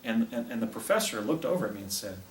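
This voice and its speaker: An older man giving a talk and recounting a personal story, with a rambling, halting delivery full of restarts. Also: lowish voice, lively intonation. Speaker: speaker presenting images to an audience. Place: presentation room with a projector. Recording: echoey room, distant mic, faint hiss.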